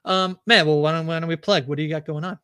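A woman's voice: low voice, steady tone, fast talker, a bit bright, clear, resonant tone, dry recording, studio quality. A woman co-hosting a podcast, chatting in an appreciative way with easy teasing. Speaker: podcast co-host. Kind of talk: casual podcast chat.

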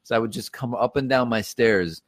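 A man telling a story in casual chat, animated and profane. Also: mid-range voice, moderate pace.

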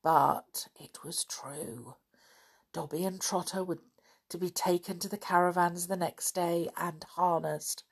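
Slow, low-voiced woman reading stories. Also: fairly even intonation, vocal fry, breathy edge. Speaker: storybook reader. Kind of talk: reading a children's book aloud.

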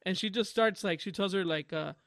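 A man telling stories on a podcast, animated and acting out the people he quotes. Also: high voice, a little fast, dry recording, clean studio sound. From Colombian family. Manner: animated storyteller, mimics voices in quotes. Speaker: podcast co-host. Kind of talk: casual podcast chat.

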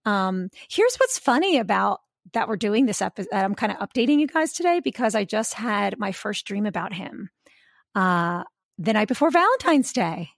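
Gravelly-voiced woman chatting on a podcast. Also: mid-range voice, very animated, moderate pace, dry recording, studio quality. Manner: chatty, rambling, with many restarts and fillers. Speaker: podcast co-host. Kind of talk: casual podcast chat.

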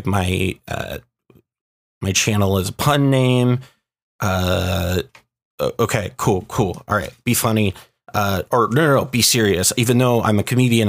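A man hosting a card-game awards show, introducing presenters with halting, self-mocking asides. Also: on the low side. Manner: hesitant filler-heavy asides.

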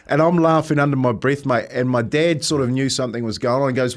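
New Zealand man, fifties, radio co-host, reflective storyteller, says mate a lot, mid-pitched. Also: fairly even intonation, a little fast, hardly any pauses. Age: 50s. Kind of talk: casual radio chat. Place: radio studio.

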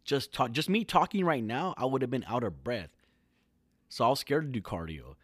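A man's voice: medium pitch, lively intonation, normal speed, no echo, clean studio sound. A man in his thirties from California, talking alone in a casual, rambling, profane podcast monologue full of slang.

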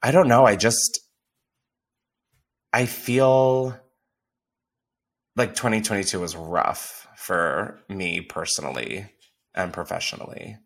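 A man's voice: lowish voice, takes it slowly, gravelly, pauses often, a bit bright. A man hosting a podcast in casual, candid chat, swearing freely and filling his talk with "like". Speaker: podcast host.

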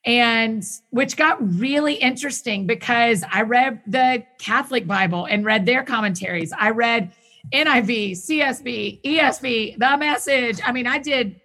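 A woman talking as a guest in a casual conversation, enthusiastic and quick in bursts, often restarting her sentences. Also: on the high side, bright, forceful tone. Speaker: podcast guest who hosts her own show.

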